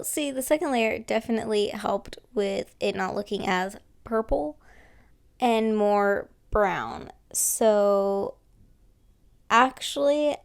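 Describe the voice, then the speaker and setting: A woman's voice: medium pitch, a little mellow, smooth. A woman who has just woken up, narrating her nail art video in a rambling, casual voice-over full of fillers. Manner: rambling, filler-heavy, self-correcting. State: just woke up, yawning.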